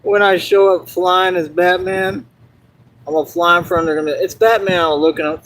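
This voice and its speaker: Rambling man vlogging in loud outdoor noise. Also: fairly even intonation, normal speed, poor audio. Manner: rambling, breaks into high squeaky shouts. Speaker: fitness vlogger. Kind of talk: casual vlog talk to camera.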